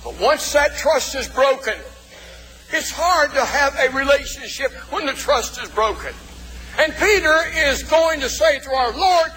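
A male pastor preaching a sermon in a folksy way, calling out to the congregation and shouting for emphasis. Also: very high-pitched, lively intonation, a little slow. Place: church. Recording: long reverb of a church hall.

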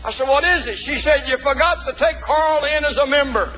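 A man's voice: very high-pitched, a little fast, sharp tone, faint music behind, poor audio. A male pastor preaching a sermon, telling stories and calling out to his congregation. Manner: storytelling preacher, calls out to the congregation.

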